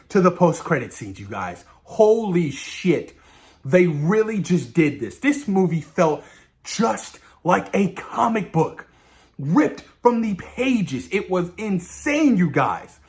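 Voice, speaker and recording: Hyped young man gushing over a movie. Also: fairly high pitch. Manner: hyped, gushing, swearing often. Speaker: movie review vlogger. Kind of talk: excited spoiler review.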